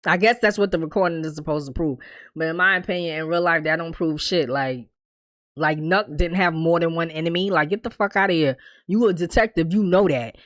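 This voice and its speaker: A woman's voice: sits low, a little fast. A woman recapping a TV episode in casual, opinionated talk, blunt and profane, speaking straight to her viewers and laughing often. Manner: blunt, profane, animated, addresses viewers directly; laughs often while talking. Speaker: TV recap reviewer.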